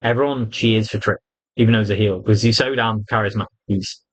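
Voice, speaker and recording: A man with a lowish voice talks fast in a rough recording, bluntly reviewing wrestling with plenty of swearing and strong opinions while acting out quotes in animated voices.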